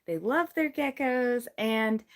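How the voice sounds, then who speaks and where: A fairly high-voiced woman chatting casually on a livestream about her small gecko business. She rambles with lots of ums and likes and slips into cooing baby talk whenever she holds up a gecko. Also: lively intonation, slow. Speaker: livestream host and gecko breeder.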